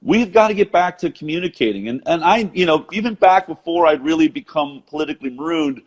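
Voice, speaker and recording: A man's voice: fairly high pitch, fairly quick. A middle-aged American man with an American accent, earnestly making his case in a rousing conversational monologue on a video call. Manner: earnest, rousing, repeats words when excited. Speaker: show host being interviewed.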